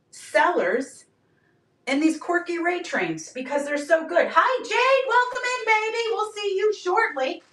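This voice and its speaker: Woman, high voice, bubbly live-stream seller, echoey room, standing back from the mic. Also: fairly bright tone, recorded from a distance. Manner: bubbly, greets viewers by name, jokes. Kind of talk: chatty live-stream selling.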